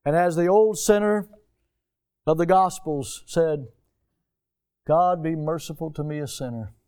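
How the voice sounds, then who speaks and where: A pastor from the United States delivers a Sunday sermon in a church, leaning into his points with emphatic repetition. His voice sits a little high yet sounds mellow and warm, dropping low for tender moments and climbing sharply when he presses a point. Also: measured pace, clear, resonant tone. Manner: emphatic preacher, swinging between hushed and loud.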